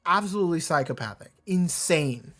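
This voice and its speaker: A man's voice: on the high side, lively intonation, normal speed, fairly bright tone. A man hosting a reaction video, talking casually and animatedly, rambling with frequent restarts and swearing.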